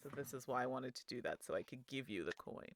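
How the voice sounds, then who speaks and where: A woman's voice: rumbling low, lively intonation, fast talker, creaky, no room sound, studio quality. A woman chatting casually while playing a tabletop game and explaining the rules. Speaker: game master and player.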